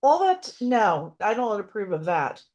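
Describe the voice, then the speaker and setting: A woman co-hosting a casual podcast chat, amused and quick to laugh. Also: mid-range voice, sing-song, a little mellow, dull audio. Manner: amused, laughs often, echoes the host. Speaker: podcast co-host.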